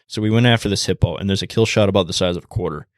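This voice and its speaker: A man guest on a podcast, telling a story in a casual, animated way and acting out the quotes in a hushed voice. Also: low voice, rapid-fire, dry recording, studio quality.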